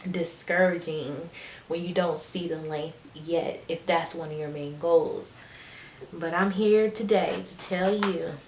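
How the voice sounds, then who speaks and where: A woman's voice: fairly low pitch, reverberant, slight background noise. A woman vlogger chatting casually and encouragingly to her viewers as she shows a hair routine. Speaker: beauty vlogger. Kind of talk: casual how-to chat.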